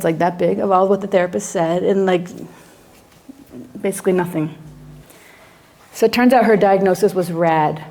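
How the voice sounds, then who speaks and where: Woman psychologist, class lecturer, lively storyteller who acts out scenes. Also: medium pitch. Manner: animated storyteller acting out her own reactions.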